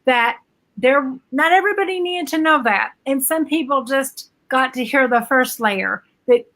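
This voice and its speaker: High, bright-voiced middle-aged woman. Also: lively intonation. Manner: halting, with frequent restarts. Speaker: guest. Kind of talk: casual chat on a live stream.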